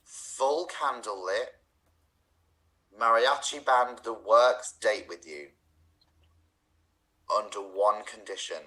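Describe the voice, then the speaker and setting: A man improvising a smooth, mock-formal male news anchor who teases his co-host. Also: fairly low pitch, slow, pauses often, pushed and bright, low-quality recording. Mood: teasing. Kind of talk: improv comedy.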